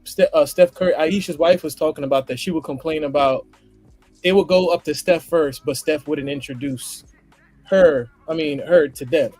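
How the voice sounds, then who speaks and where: A man from Brooklyn in a casual podcast talk, telling stories in an animated way. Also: on the high side, moderate pace, faint music behind. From Brooklyn, New York. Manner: storytelling, animated, with laughs. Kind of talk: casual conversation.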